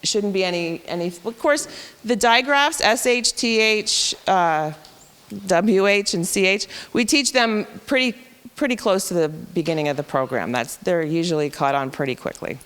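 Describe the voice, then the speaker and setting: A woman's voice: mid-range voice, normal speed, a bit bright, smooth, big-room sound. A woman teacher explaining a reading intervention program step by step at a professional development session. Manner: explanatory, talks through teaching steps.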